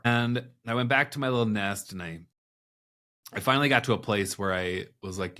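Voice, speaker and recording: A man with a lowish voice talks at a normal speed as a podcast guest, openly sharing a personal experience. He brings it to life by voicing his own thoughts and other people's lines as part of the interview.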